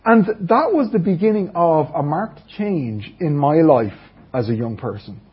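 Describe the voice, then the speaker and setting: A middle-aged Irish man delivers a sermon in church, sharing his own testimony in an earnest, confiding way. His voice is very husky and breathy and sits fairly high for a man. The recording is dull and lo-fi. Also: a little slow. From Ireland. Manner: earnest, confiding, often checks in with listeners. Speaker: preacher.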